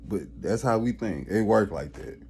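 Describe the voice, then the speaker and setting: A man's voice: fairly low pitch, expressive, normal speed, dark tone, husky. A man in a casual, skeptical rant, swearing often and talking with emphasis.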